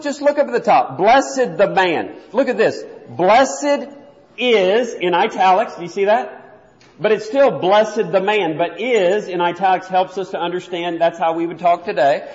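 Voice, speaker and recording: A man teaching a church Bible class in a conversational way, often repeating words and slowing down to read verses aloud. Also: sits high. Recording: dull sound, long reverb in a hall.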